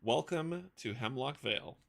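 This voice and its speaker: Creaky-voiced man game master. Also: medium pitch, lively intonation, a little slow, fairly bright tone. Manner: reads aloud with stumbles and laughing asides. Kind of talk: reading scripted narration for a tabletop game.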